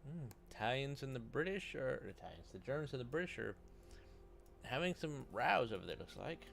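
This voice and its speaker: A man's voice: mid-range voice, sing-song, fairly quick, gravelly, a bit bright. A man casually commentating his own strategy game playthrough, muttering to himself and grumbling at the game. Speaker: gaming YouTuber. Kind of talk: casual let's-play commentary.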